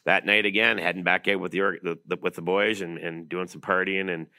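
Fast-talking deep-voiced man telling stories. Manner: fast, animated storyteller with lots of fillers. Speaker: guest, keeper of a trophy. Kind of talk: casual interview storytelling.

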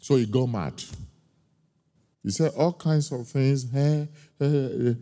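A man preaching a sermon, telling a personal story with emphatic, drawn-out key points. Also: medium pitch, mellow. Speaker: pastor. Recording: long hall reverb.

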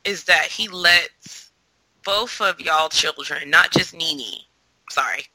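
A woman's voice: deep voice, slow, sharp tone, no echo, low-quality recording. A woman co-hosting a podcast, chatting casually with slang and stumbling restarts. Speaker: podcast co-host. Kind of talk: casual chat.

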